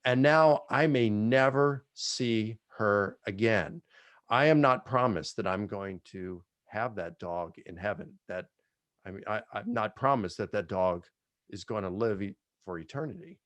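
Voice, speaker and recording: A man with a low voice speaks in a heartfelt, reflective way as a Q&A guest. The sound is dry and close, with no room echo. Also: expressive, unhurried, fairly bright tone. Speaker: guest author. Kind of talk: personal reflection in a Q&A.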